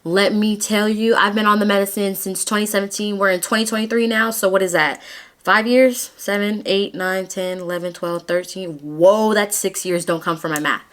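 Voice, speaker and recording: A woman's voice: medium pitch, steady tone, normal speed. A young woman vlogging her personal testimony, earnest and emotional, close to tears at times.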